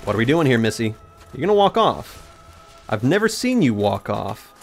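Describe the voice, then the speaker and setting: This young man's medium-pitched voice is gravelly and moves at normal speed, with faint music behind it. Recording a let's play as a gaming YouTuber, he rambles through a personal story, animated, and keeps responding to the video game mid-tale.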